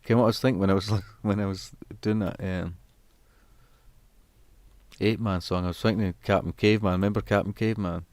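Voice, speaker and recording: A man's voice: low voice, fairly even intonation, a little fast, pauses often, a little mellow, dry recording. A man chatting casually to his livestream audience, rambling and meandering as he stops and restarts his thoughts. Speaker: music livestreamer. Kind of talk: casual chat to a stream audience.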